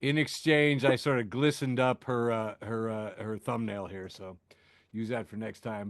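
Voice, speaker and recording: A man's voice: fairly low pitch, fairly even intonation, normal speed, no room sound, clean studio sound. Sardonic man hosting a podcast, laughing. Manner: sardonic, laughs at own jokes; filler-heavy, restarting. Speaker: podcast host. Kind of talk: casual news chat.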